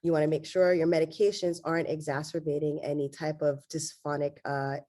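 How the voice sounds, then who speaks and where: A woman's voice: low voice, a little fast. A woman laryngologist giving an online medical lecture, with a congested, nasal voice and frequent "um"s. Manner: steady explanatory delivery with frequent fillers.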